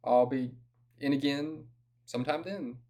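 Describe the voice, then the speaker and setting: A man's voice: mid-range voice, a little slow, dark tone. A man with a Southern US accent giving a casual solo update as an author, with a dry, self-deprecating humor.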